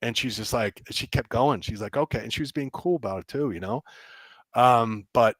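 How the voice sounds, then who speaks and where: A man, a game developer, telling animated stories as a guest and acting out people's reactions with frequent laughs. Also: mid-range voice, moderate pace, dry recording. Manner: excitable, acts out reactions, laughs often. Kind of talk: animated storytelling.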